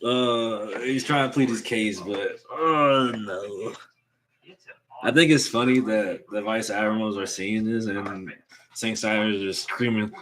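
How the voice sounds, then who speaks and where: A young man casually recapping a manga chapter, excitable and slangy, reading out the characters' lines as he goes. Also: fairly low pitch, measured pace, poor audio.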